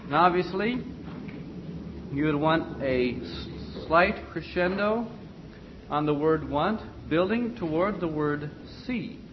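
A man's voice: on the high side, lively intonation, slow pace, noisy background. Man teaching a music class, lo-fi. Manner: explains in short broken phrases, addresses students directly. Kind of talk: classroom instruction.

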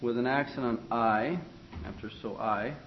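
A man's voice: medium pitch, moderate pace, a little hiss or hum. Man teaching a music class, lo-fi. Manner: explains in short broken phrases, addresses students directly. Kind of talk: classroom instruction.

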